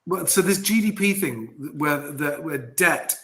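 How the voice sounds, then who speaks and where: A man's voice: fairly high pitch, expressive, unhurried, pushed and bright. A man hosting a casual chat, reading out viewer comments and laughing often. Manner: chatty, laughs often, reads comments aloud. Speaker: host.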